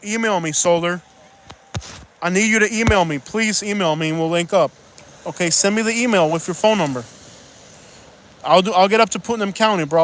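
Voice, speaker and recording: A man with a rather high voice chats casually on a live stream from the beach at sunset, speaking into a phone. He jokes, rambles and reads out viewer comments. Faint outdoor noise sits behind him. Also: fairly bright tone.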